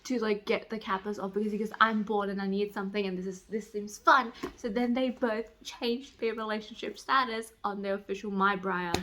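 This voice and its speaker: A young woman chatting casually in a reading vlog, gushing and excitable, breaking into squeals as she retells a romance novel. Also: mid-range voice, brisk, hardly any pauses, slight background noise. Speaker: book vlogger. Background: construction voices.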